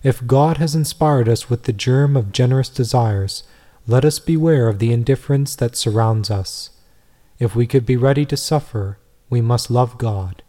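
A man reads a devotional text aloud in a mellow, warm voice. His delivery is measured and earnest, with pitch in a middle range. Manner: measured, earnest, rhetorical questions. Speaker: reader.

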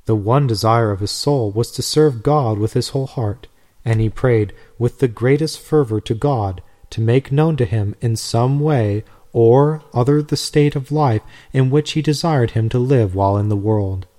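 Man, narrator, mellow, steady phrasing, devotional story reading. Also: mid-range voice, moderate pace.

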